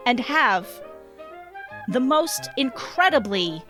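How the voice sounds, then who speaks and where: A woman co-hosting a podcast, reading funny stories aloud in an animated, giggly way. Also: high-pitched, slow pace, faint music behind. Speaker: podcast co-host.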